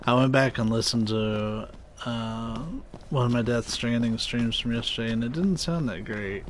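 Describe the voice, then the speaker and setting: A man's voice: mid-range voice, moderate pace, a little hiss or hum. A man with a nasal voice, casually talking through a game he is streaming live, loose and profane. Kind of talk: live gameplay commentary.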